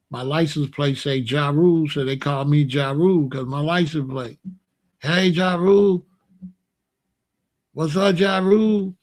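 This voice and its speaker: An older man, telling stories in a rambling, casual way and pointing out places around him outdoors. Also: on the high side. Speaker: vlogger. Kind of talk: casual storytelling.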